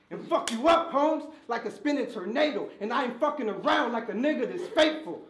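A man's voice: very high voice, lively intonation, a little fast, few pauses, reverberant, slight background noise. A man battle rapping a cappella, delivering taunting punchlines at an opponent at a live event. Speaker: battle rapper.

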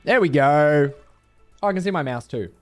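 A man chatting to his viewers during a live game stream, animated and swearing freely. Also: on the high side, normal speed, faint music behind. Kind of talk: live gameplay stream chat.

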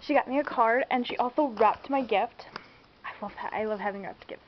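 On dull, lo-fi home camera audio with faint hiss, a young vlogger speaks briskly in a voice on the high side. She's unboxing in a room at home, chatting casually while gushing, giggling, and squealing often in a bubbly way.

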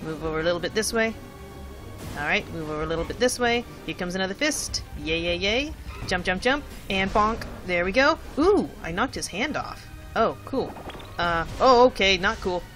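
Bright-voiced, chatty gameplay commentator. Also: medium pitch, expressive, normal speed, faint music behind. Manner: thinks aloud, chatty, repeats words while timing moves. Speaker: let's play commentator.

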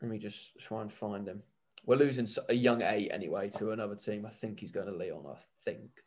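A man co-hosting a rugby podcast, talking in an excitable, rambling way with many restarts. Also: fairly low pitch, fairly quick. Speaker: podcast co-host. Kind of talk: casual rugby chat.

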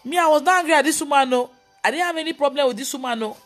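Animated woman pastor preaching. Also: high-pitched, very fast, soft background music. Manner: animated storytelling, mimicking others' voices; scolding, emphatic exclamations. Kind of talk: live-video preaching and prayer.

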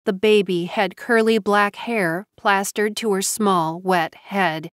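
Female audiobook narrator, measured, mid-range voice, dry studio sound. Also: mid-range voice, fairly even intonation, no echo. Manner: measured storytelling.

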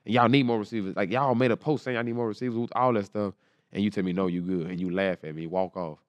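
This young football player in his twenties has a lowish voice and talks fast as he earnestly shares an emotional story in a casual interview. He animatedly acts out the lines of each person involved, and the recording is dry.

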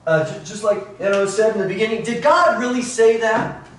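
A middle-aged man teaching a Bible class in a church, animated, acting out quotes in lively voices. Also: high-pitched, fairly quick. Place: church room. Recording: roomy echo, mic at a distance, faint noise.

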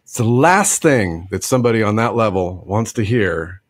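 Lively storytelling man with a dry sound. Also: on the low side, normal speed, slightly rough, no echo. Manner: animated, laughing often, acting out others in a put-on drawl. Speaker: podcast co-host telling a story. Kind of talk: casual storytelling chat.

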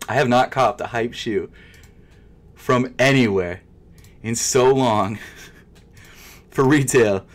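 A man who vlogs about sneakers, commenting casually while trying to buy shoes online, muttering in frustration and jumping between loud outbursts and whispers. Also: medium pitch, slow, pauses often. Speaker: sneaker vlogger.

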